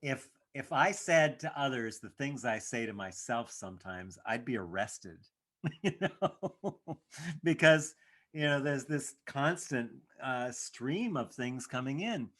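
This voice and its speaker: Man, meditation teacher and host, mid-pitched, emphatic and animated in conversation. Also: slow pace. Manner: animated, emphatic, laughs at his own remarks. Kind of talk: reflective conversational talk.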